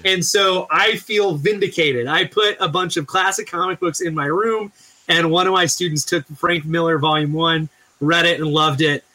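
A man's voice: on the high side, fairly even intonation, moderate pace, bright, forceful tone. A man who teaches school, co-hosting a casual comics podcast and telling rambling stories. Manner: rambling storyteller, acts out quotes. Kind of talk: casual chat.

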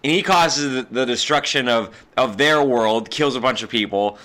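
A man talks through comic ideas in a loose, rambling way, packing his sentences with "like". His voice is bright and forceful, and he is quick to poke fun at himself. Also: medium pitch. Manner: rambling, many "like" fillers, self-mocking. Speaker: podcast co-host. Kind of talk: casual chat about comics.

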